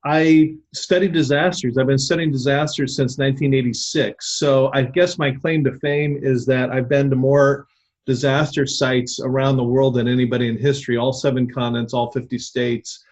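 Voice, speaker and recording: A man from Southern California, a guest author on a radio interview, talking in a relaxed way with frequent restarts. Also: mid-range voice, moderate pace.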